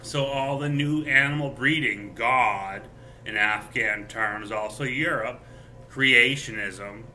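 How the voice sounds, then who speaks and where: A man talking alone in a rambling monologue, halting often with filler pauses. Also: mid-range voice, pushed and bright, slight background noise.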